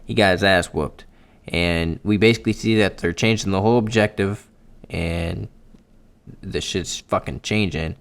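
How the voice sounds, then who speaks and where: A man doing a casual, excitable manga chapter readthrough for his viewers, swearing often and talking straight to them. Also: deep voice, normal speed. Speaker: anime and manga YouTuber.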